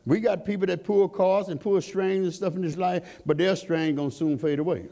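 A man's voice: sits high, steady tone, moderate pace, mellow. A man preaching a sermon in call-and-response style, asking the congregation questions and climbing to fervent peaks.

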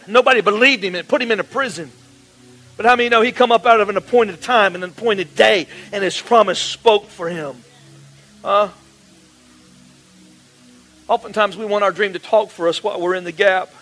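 Male pastor, bright sharp tone, call-and-response sermon. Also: high voice, brisk, soft background music, poor audio. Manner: call-and-response preaching, rising to shouts.

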